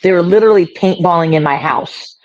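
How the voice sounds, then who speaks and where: A woman's voice: lowish voice, a little fast, no echo. Outspoken middle-aged woman, dry lo-fi sound. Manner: outspoken, animated storyteller. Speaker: guest. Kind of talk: casual chat. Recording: dull lo-fi sound.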